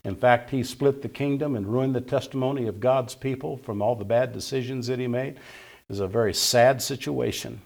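A man's voice: mid-range voice, gravelly, darkish tone. A middle-aged male pastor preaching a sermon, telling a story in a folksy way and acting out the dialogue.

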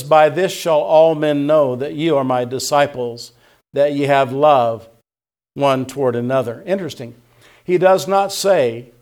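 A man's voice: on the high side, a little mellow. Man preaching an earnest sermon. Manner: earnest preaching, stresses repeated words, quotes scripture. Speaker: pastor.

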